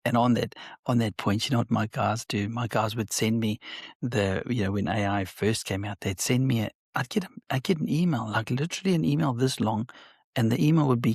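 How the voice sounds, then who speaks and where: Business-owner guest, male, gravelly and a bit husky, animated storyteller, dry close sound. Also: mid-range voice, brisk, no room sound. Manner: animated storyteller, acts out quoted dialogue. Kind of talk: conversational interview.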